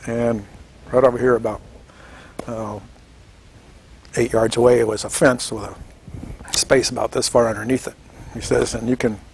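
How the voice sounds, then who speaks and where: A man in his seventies from Washington State, telling his story in an oral history interview, animated and chuckling, acting out the voices of people he quotes. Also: mid-range voice, a little slow, creaky, long pauses, a little hiss or hum. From Washington State, United States. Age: 70s. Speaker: veteran interviewee.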